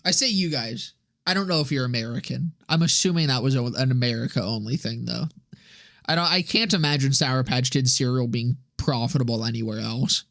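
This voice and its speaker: A man's voice: mid-range voice, fairly quick, gravelly, a bit bright, dry recording, clean studio sound. A young man streaming and chatting with viewers in a profane, rambling way, often laughing at his own jokes. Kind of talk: casual livestream chat with viewers.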